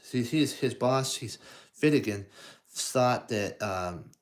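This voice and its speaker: Male storybook reader for kids, very slow, halting, chatty asides. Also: medium pitch, expressive. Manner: slow, halting, asks the listener questions. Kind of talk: reading a storybook aloud to children.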